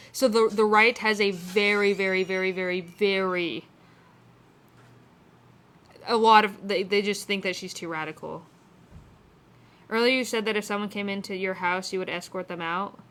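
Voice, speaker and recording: A woman chats on a casual livestream from outdoors on a windy day, speaking close into a phone microphone. She answers viewer questions in a loose, rambling way, swears freely and restarts her sentences often. Her pitch sits in the middle for a woman. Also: fairly bright tone, clear, resonant tone.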